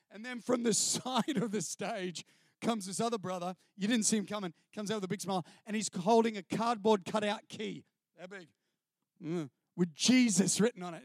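A man telling a comic story to an audience in an animated way, mimicking people and laughing through his lines. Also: high voice, normal speed, no room sound, studio quality. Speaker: speaker sharing a testimony.

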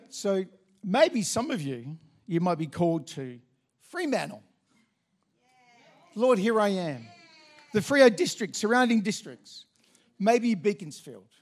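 A man's voice: high-pitched, darkish tone. A man preaching a sermon in a church, fervent and interactive, coaxing the congregation along. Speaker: pastor. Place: church sanctuary.

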